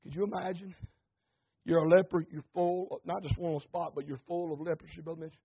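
A man preaching an impassioned sermon, repeating phrases, asking the congregation questions and rising to shouts. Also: on the high side, little pitch movement, a little fast, creaky, breathy edge. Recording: tinny phone-like recording.

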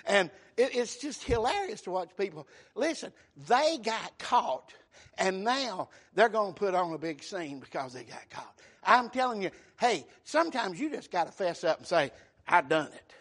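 A man preaching a sermon, emphatic, calling out amen and shouting at the peaks. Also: high-pitched, big pitch swings, moderate pace. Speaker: pastor.

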